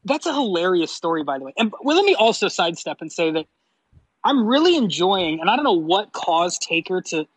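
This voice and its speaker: A man co-hosting a casual wrestling podcast, talking in a lively way, laughing often and mimicking announcers. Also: high-pitched, fairly quick, breathy edge, no echo, rough recording. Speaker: podcast co-host. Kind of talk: casual chat.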